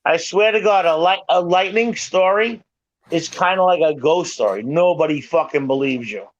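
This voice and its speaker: A man's voice: fairly high pitch, moderate pace, dry recording. Profane middle-aged man swearing his tale is true. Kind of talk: casual storytelling chat. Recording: dull lo-fi sound, dry.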